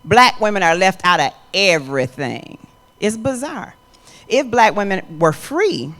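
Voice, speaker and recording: Emphatic middle-aged woman giving a motivational talk. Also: on the low side. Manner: emphatic and conversational, rising from soft asides to loud declarations. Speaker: motivational speaker.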